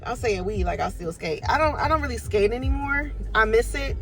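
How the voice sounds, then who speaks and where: A woman's voice: a little high, animated, a little fast, soft background music, rough recording. A woman, chatting casually and animatedly from her parked car as a tarot reader, laughing and swearing freely. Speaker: tarot reader and life coach. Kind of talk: casual chat to camera.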